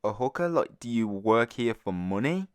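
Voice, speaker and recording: A young man voicing a desperate, dazed woman on the street, speaking high and slowly drawn out. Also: very animated, clean tone, dry recording, studio quality, close to an everyday voice. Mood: insistent. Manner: high, slow, drawn-out pleading.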